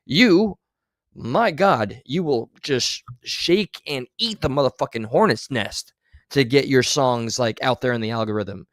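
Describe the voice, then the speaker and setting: With an expressive, mid-range voice and a slightly slow delivery, a man reacts to clips on his livestream with heavy swearing, bluntness, and sarcasm. There's no room sound in the recording.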